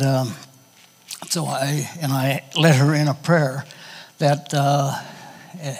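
A man preaching a sermon in a folksy, halting, conversational way, telling personal stories to his congregation. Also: medium pitch, darkish tone, long reverb tail.

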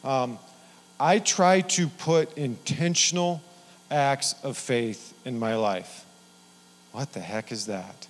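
A man's voice: mid-range voice, slow. Folksy man preaching in a reverberant hall. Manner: rambling, folksy, full of restarts. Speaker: pastor. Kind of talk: sermon.

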